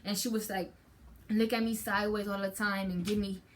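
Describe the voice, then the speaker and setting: With slight background noise behind her, a teen girl speaks fairly quickly in a flat, medium-pitched voice, chatting to her channel in a storytime. She rambles loosely, restarting sentences and filling pauses with "um" and "like".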